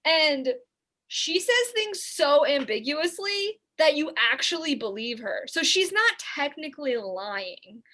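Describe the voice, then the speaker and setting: A woman with a high, bright, ringing voice co-hosts a comedy podcast from the New York area. She rambles in loose, casual chat, packing in "like"s and cursing freely. It sounds like a remote call recording. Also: big pitch swings, unhurried. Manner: rambling, lots of filler "like", swearing. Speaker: podcast co-host. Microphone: remote call setup.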